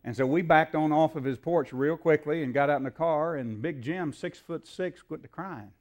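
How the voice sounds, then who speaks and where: A man's voice: on the high side, moderate pace, darkish tone. A man, a preacher telling a story in a sermon in a folksy way, acting out the dialogue, with frequent fillers.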